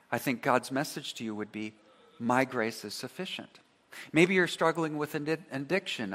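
A man preaching a sermon, earnest and emphatic, who leads his congregation in call-and-response and drops to a soft voice on key phrases. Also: mid-range voice. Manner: earnest preaching, rising to emphatic repetition then dropping soft. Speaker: pastor.

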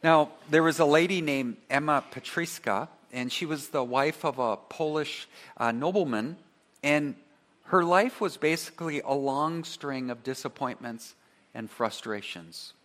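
Earnest preaching man, slightly high voice. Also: a little slow. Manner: earnest preaching, rising to emphatic repetition then dropping soft; leads the congregation in call-and-response. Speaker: pastor. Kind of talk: sermon.

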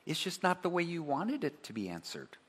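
A man delivers a sermon from the pulpit in a slightly raised pitch. He builds through emphatic repetition, then falls quiet on the key line. He leads the listeners in saying phrases back to him. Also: wildly swooping pitch, fairly quick, breathy edge. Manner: earnest preaching, rising to emphatic repetition then dropping soft; leads the congregation in call-and-response. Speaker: pastor.

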